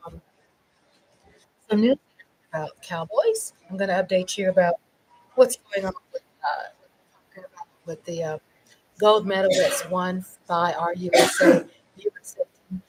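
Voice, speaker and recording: A middle-aged woman hosting a casual livestream, talking in a lively, chatty way and swinging from loud cheering to low asides. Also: a little hiss or hum, low-quality recording. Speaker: livestream host.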